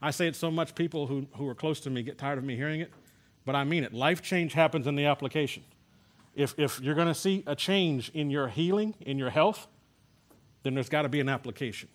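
A man delivers a sermon to a class. His voice sits a bit high, and he keeps it conversational, with personal stories and rhetorical questions. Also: fairly quick. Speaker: pastor teaching a healing class.

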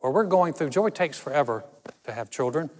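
A man delivers a sermon as a pastor, his voice sitting slightly high for a man. He talks through his story conversationally, slowing deliberately on key words. The recording has a long reverb from the church space. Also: lively intonation, a little mellow. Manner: storytelling, conversational with dramatic slow emphasis.

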